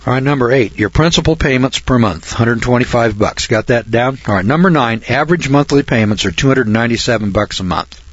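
A man's voice: mid-range voice, expressive, a little fast, hardly any pauses, breathy edge. A man lecturing through a list of figures, folksy and sarcastic, now and then breaking into mock amazement. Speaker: financial lecturer. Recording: dull, lo-fi dry recording.

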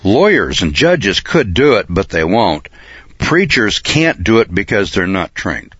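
A man teaching Bible prophecy in sermon style, reading verses aloud and explaining them, often clearing his throat. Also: fairly low pitch, very animated, measured pace, fairly bright tone, no echo. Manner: reads scripture aloud then explains it. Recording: dull, lo-fi dry recording.

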